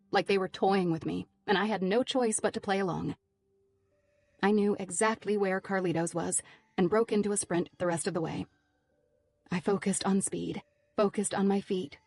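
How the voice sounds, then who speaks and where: Low-voiced woman narrating a thriller. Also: darkish tone. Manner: tense, driven storytelling. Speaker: audiobook narrator. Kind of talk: first-person thriller narration.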